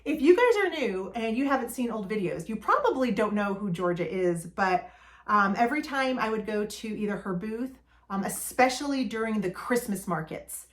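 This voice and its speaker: A woman's voice: medium pitch, expressive, normal speed. A woman hosting her own vlog, talking casually and enthusiastically about her shopping finds, with frequent ums and uhs. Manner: chatty, enthusiastic, with many fillers. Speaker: vlog host. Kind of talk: casual shopping haul talk.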